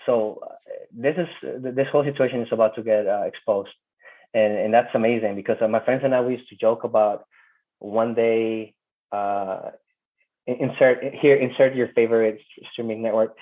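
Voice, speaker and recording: A man's voice: fairly low pitch, fairly even intonation, normal speed. A man guest, a second-language speaker, rapping a verse and then talking hesitantly with many fillers over a call. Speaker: interview guest. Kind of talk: rapping a spoken-word verse, then casual talk. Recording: tinny phone-like audio.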